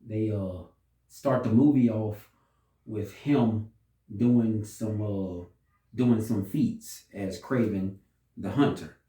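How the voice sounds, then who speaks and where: A man giving a casual, unhurried movie review, pausing and restarting often as he thinks. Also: lowish voice, dark tone. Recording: roomy echo, distant from mic.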